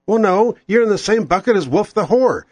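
Brief: angry talk radio host man, slightly raised pitch, very dry sound. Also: expressive, a little fast, darkish tone, no room sound. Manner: angry, sarcastic, ranting. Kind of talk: political talk radio rant.

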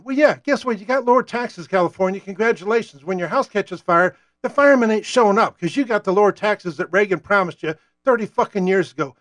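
A man's voice: high voice, brisk, few pauses, a bit bright, dry recording. An American man delivering a profane, worked-up political rant as a talk-show host. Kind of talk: ranting political monologue.

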